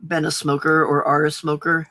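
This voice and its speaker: Bright chatty woman, giggly. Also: sits low, flat delivery, normal speed, dry recording. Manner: chatty, giggly, many ums. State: slightly husky morning voice. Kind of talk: casual chat.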